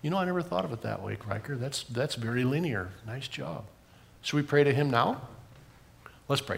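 A man's voice: medium pitch, animated, moderate pace, creaky. An older man giving a children's sermon, asking the kids questions as he tells the story. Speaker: pastor giving a children's message.

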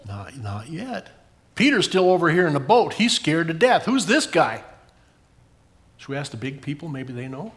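A man's voice: a little high, very animated, normal speed. An older man giving a children's sermon, asking the kids questions as he tells the story. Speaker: pastor giving a children's message.

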